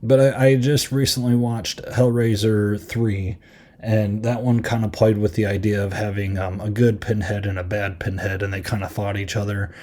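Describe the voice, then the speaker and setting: Low, mellow-voiced man rambling on a podcast. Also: fairly even intonation, normal speed. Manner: rambling, self-deprecating storytelling with fillers. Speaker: podcast host. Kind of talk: casual review chat.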